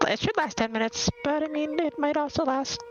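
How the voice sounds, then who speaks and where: A woman's voice: high voice, a little fast, muffled recording. A woman playing a tabletop game, chatting casually in a hesitant, rambling way with many restarts. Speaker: player.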